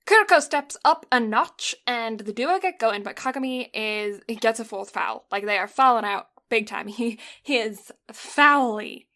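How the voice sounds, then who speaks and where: A woman's voice: a little high, moderate pace, hardly any pauses, sharp tone. A woman co-hosting a podcast, recapping an anime in a casual, rambling way, with frequent laughs and puns. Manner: giggly, punning, rambling. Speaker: podcast co-host.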